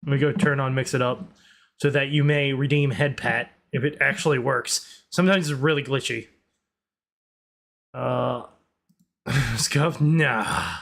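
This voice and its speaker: A man's voice: mid-range voice, steady tone, measured pace, gravelly, pauses often, fairly bright tone. A man casually streaming a reaction, joking and laughing, and given to trying out silly voices.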